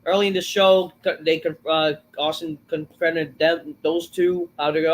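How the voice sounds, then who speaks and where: A man's voice: fairly high pitch, little pitch movement, normal speed, hardly any pauses, slight background noise. A man hosting a casual review of a wrestling show, rambling and swearing. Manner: rambling, profane, full of fillers and restarts. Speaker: show host.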